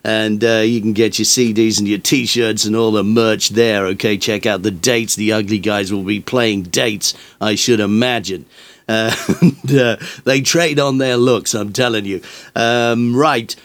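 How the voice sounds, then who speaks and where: A man's voice: lowish voice, steady tone, unhurried, no echo. An older man, presenting on the radio and rambling through anecdotes between tracks, chuckling often.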